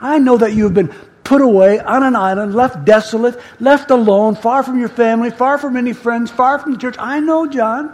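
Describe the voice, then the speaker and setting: A man's voice: very high-pitched, moderate pace, voice pushed up. A man voicing Jesus as an earnest, soothing man who offers reassurance, heard in a reverberant hall. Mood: tender.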